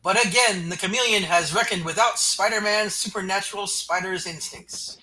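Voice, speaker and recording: A man reading the narration captions of a comic aloud, plain and steady. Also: high-pitched, moderate pace, a little hiss or hum, rough recording.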